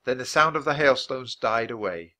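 Bright, lively male storybook narrator. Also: mid-range voice. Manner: clear, unhurried storytelling. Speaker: audiobook narrator. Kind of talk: reading a children's book aloud for English learners.

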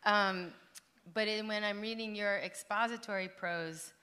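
A woman's voice: mid-range voice, steady tone, a little slow, pushed and bright. A woman interviewing on a festival stage, affectionate and teasing as she asks her questions. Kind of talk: onstage festival conversation.

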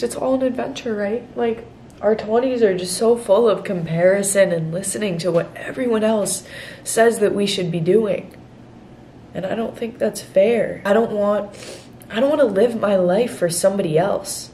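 A woman's voice: medium pitch, normal speed, dark tone, slight background noise. Emotional young woman, candid vlog. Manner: emotional, candid, tearful at times. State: close to tears. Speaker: vlogger. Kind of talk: confessional vlog. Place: outdoors in nature, then indoors. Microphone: camera set down nearby.

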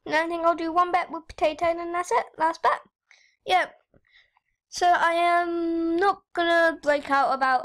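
High-voiced chatty young girl. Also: moderate pace. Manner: chatty, excitable, rambling. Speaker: YouTuber. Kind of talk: casual gaming vlog commentary.

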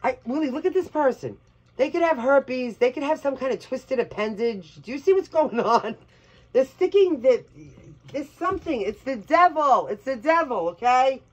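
A woman's voice: high-pitched, animated, normal speed, darkish tone, slightly rough. A woman from Brooklyn with a New York accent doing a collective tarot reading to camera, talking in a blunt, crude, chatty way. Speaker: tarot reader. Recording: dull lo-fi audio with faint hiss.

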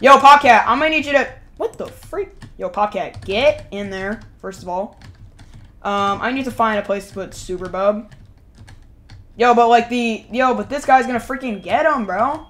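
A woman live-streaming a game, talking to her chat and yelling at game characters. She swings between shouting and muttering and repeats the same phrases over and over. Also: fairly high pitch, normal speed. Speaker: gaming streamer.

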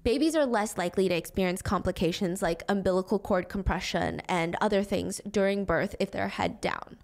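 A woman hosting a storytelling show, narrating from a script in a clear, explanatory way. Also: mid-range voice, brisk. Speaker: storytelling podcast host.

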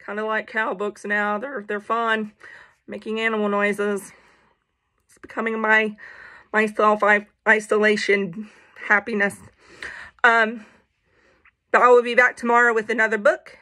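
A woman's voice: medium pitch, flat delivery, measured pace, pauses often, pushed and bright. A young woman reading a children's picture book aloud at home, playful, with chatty asides to her viewers. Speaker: storybook reader for children.

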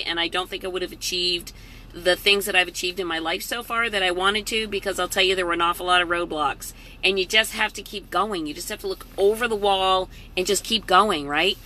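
Middle-aged lady vlogging from her truck, bright voice, peppy and chatty. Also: lowish voice, slight background noise. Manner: upbeat, motivational, chatty. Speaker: vlog host. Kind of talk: casual live-stream chat. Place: parked truck at a rest area.

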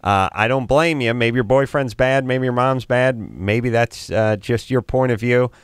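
A man's voice: mid-range voice, unhurried, smooth, dry recording, studio quality. A man co-hosting a call-in advice radio show, blunt and wisecracking, cutting in over others. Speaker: radio co-host.

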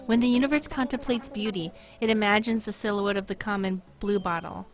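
A woman reading out the lines of an earnest female artist villager obsessed with bugs, soft and unhurried. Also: mid-range voice, faint music behind, close to an everyday voice. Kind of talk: reading game text aloud.

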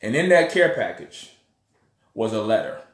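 Animated man telling a story, echoey room. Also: on the low side, moderate pace. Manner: animated storyteller, acts out voices, many restarts. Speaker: online preacher and channel host. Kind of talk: casual storytelling monologue.

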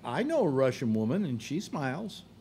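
A man's voice: mid-range voice, sing-song, moderate pace, a little mellow, slight background noise. A man hosting a casual panel chat, blunt and joking, often restarting his sentences. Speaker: host.

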